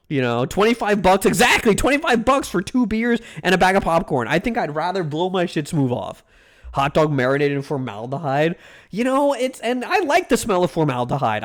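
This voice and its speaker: A young man streaming, reacting to food with casual, mock-outraged rants and plenty of swearing. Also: on the high side.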